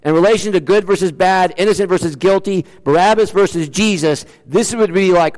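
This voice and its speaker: A male pastor preaching with a fairly high voice. He fires off rhetorical questions, jumping up in pitch and then dropping low and quiet. The sound rings with a long hall reverb. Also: fairly quick, hardly any pauses. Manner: animated preaching with rhetorical questions and sudden swings in pitch and loudness. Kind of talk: sermon.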